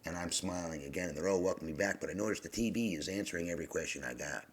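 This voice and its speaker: A middle-aged man telling a long personal story in a rambling, halting way, often sinking into a hushed whisper. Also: low-pitched, husky. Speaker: podcast host.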